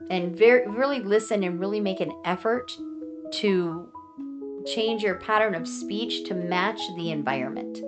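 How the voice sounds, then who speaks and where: A woman's voice: medium pitch, a little slow, over music. An American woman giving casual, earnest advice in a chatty way, often acting out how other people answer her. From United States. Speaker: vlogger giving advice to foreigners.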